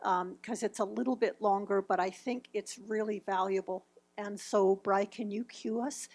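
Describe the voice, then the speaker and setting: A woman's voice: mid-range voice, fairly even intonation, moderate pace, a little mellow. A woman in her fifties presenting a grief seminar, speaking reflectively as she walks through slides and quotes. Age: 50s.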